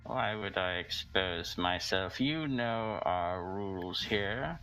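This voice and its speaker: A man's voice: deep voice, slow, bright, forceful tone, a little hiss or hum, full character voice. A man voicing a menacing masked male cult leader who speaks through a muffled mask. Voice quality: muffled, gravelly.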